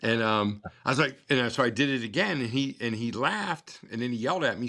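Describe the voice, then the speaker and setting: A man's voice: medium pitch, fast, gravelly, hardly any pauses, bright, forceful tone. A middle-aged man from the United States, a father telling a long story in an interview, rambling with many fillers and acting out past dialogue. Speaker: guest, father and scuba therapy founder.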